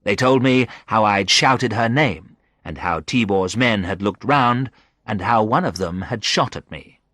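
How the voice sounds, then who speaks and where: Sex: man. Role: storyteller. Style: graded-reader narration. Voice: low, bright, dry. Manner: slow, clear and expressive. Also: dry recording.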